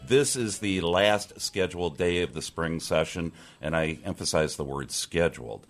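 A man's voice: deep voice, moderate pace. A man hosting a political radio talk show from a statehouse press room, rambling with many fillers and restarts.

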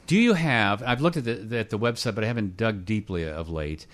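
A man's voice: fairly low pitch, animated, a little fast, a bit bright. A man hosting a radio interview, chatty and jokey, with many filler sounds. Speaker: radio show host. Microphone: studio microphone with headset.

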